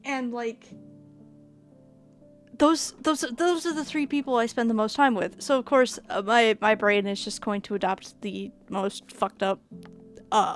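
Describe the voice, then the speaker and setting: A young woman with a Minnesotan accent, chatting casually on a gaming stream, rambling and laughing with many fillers and casual swearing. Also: on the high side. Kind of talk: casual live-stream chat while gaming.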